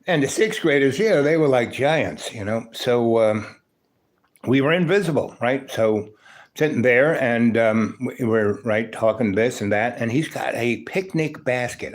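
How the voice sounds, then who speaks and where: A man hosting a livestream, telling a long rambling story from his school days, peppered with "you know" and "right?". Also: mid-range voice. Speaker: livestream host.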